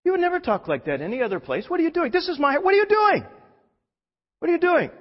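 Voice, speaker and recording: A shrill, scolding voice of God nags and repeats itself in exasperation, as a preacher puts it on in a squeaky falsetto. It rings out high above his usual register. The sound is dull and carries a long hall reverb. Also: very animated, fast.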